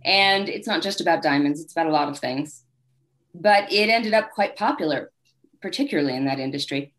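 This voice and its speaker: A woman's voice: low-pitched, brisk. A woman guest author telling candid, wry anecdotes in a casual interview. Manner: acts out quoted people in lively voices.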